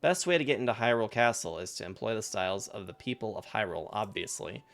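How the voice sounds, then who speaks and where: A man's voice: fairly low pitch, lively intonation, fast, a bit bright, faint music behind. A man reading as a chatty treasure collector. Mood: helpful. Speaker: streamer reading game dialogue.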